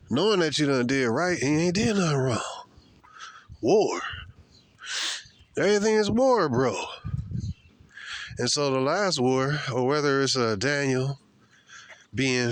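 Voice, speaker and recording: A man vlogging outdoors, talking in a slangy, emphatic and preachy way while walking fast and breathing hard. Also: mid-range voice, a bit bright, no echo. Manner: slangy, emphatic, repeats points. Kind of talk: casual preachy monologue. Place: outdoors on a walk.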